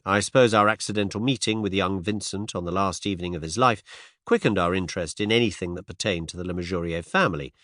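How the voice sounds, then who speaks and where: A man's voice: lowish voice, a bit bright, no room sound. A man narrating a classic mystery story as a studio audiobook, told in the first person. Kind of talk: scripted narration.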